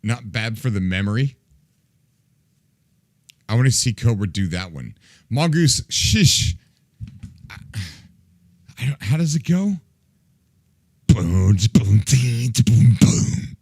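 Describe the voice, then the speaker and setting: A man streaming and chatting loosely with his viewers, his voice bouncing all over in pitch. He laughs a lot, does goofy sound effects and plays at being fed up with the chat. The sound is dry and close, with no room in it. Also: sing-song, measured pace, pauses often, no echo. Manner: mock-exasperated as he reacts to chat. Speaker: livestream host.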